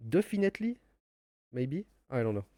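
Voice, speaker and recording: A man's voice: mid-range voice, big pitch swings, moderate pace, warm tone, dry recording, clean studio sound. A man from France with a French accent and a nasal voice, chatting casually on a cooking live stream. He rambles and jokes about himself. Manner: rambling, joking, chuckles often, speaks non-native English. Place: home kitchen.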